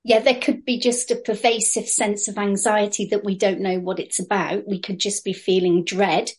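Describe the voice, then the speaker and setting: A woman explaining a therapy exercise in a training session, calm and steady with occasional fillers. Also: medium pitch, normal speed.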